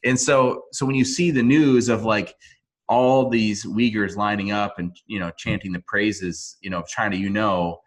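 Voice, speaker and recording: A man answering interview questions over a video call, earnest and halting, with frequent restarts. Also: lowish voice, fairly even intonation. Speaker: interview guest. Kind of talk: remote interview.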